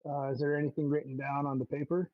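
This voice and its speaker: A man's voice: fairly high pitch, flat delivery, fast talker, no echo, narrow, tinny audio. A man playing a tabletop game, asking about rules hesitantly with filler words. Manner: hesitant, with "um" and restarts. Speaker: player.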